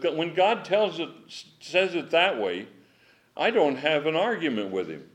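A middle-aged man teaching an informal Bible study from home, emphatic and animated, with a strained voice and chuckling asides. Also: on the high side. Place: at home with dogs.

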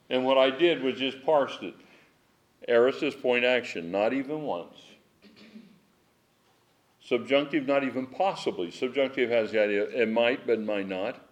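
Emphatic man teaching scripture at home. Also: mid-range voice. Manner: animated, emphatic, chuckling asides. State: strained voice. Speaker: Bible teacher. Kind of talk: informal Bible study sermon. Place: at home with dogs.

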